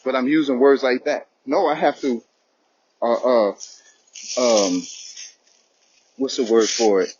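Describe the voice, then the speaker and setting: Male lay teacher, conversational scripture talk, muffled low-fi recording. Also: fairly even intonation, takes it slowly, long pauses, darkish tone, a little hiss or hum. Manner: conversational, repeats "you know what I'm saying". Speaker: teacher of a religious lesson. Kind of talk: informal spoken teaching.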